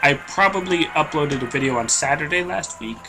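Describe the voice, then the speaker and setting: A man's voice: a little high, expressive, moderate pace. Giggly young man narrating his gameplay. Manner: chatty, rambling, giggly. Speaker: gameplay commentator. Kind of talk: casual gameplay commentary. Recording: music playing behind.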